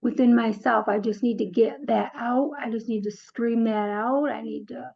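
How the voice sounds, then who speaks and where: A woman taking part in a group session over a video call, speaking earnestly and haltingly as she searches for words. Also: a little high, fairly even intonation, gravelly, husky, lo-fi sound. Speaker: group participant.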